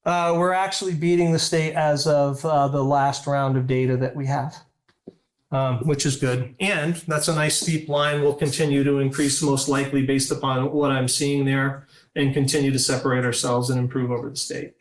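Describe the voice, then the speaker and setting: A man giving a superintendent's report at a school board meeting, talking quickly with frequent ums. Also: medium pitch, little pitch movement. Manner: fast, conversational, many ums. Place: meeting room. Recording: echoey room audio from a distance.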